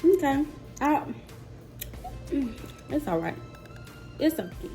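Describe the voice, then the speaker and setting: Slow-talking woman, chatty vlogger. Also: sits high, very animated, mellow, faint music behind. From Mississippi, USA. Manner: chatty and playful, talking straight to viewers. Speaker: mother and vlogger tasting snacks. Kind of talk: casual chat to camera.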